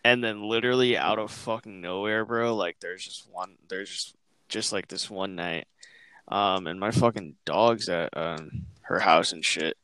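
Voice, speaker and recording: A young man with a low voice tells a rambling story in casual chat. He swears constantly and talks in loose slang. The sound is close and dry, with no room in it. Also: a little slow, pushed and bright, clean tone, no echo. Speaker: podcast host.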